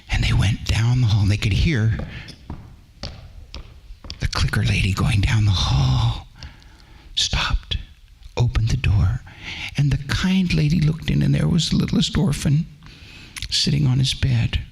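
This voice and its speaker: A man's voice: on the low side, measured pace, vocal fry, pauses often, husky. A man telling a Christmas story at a church program, reading expressively and shifting voices.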